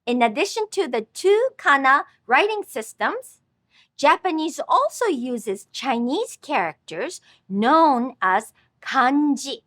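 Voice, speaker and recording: Slow, bright-voiced woman teaching a language lesson. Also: high voice, no echo, clean studio sound. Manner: slow, careful, clearly enunciated instruction. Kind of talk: scripted language lesson with repeat-after-me drills.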